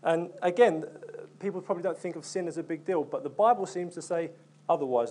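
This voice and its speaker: A man's voice: a little high, darkish tone. A young man preaching a sermon in an earnest, conversational way, with frequent ums and restarts.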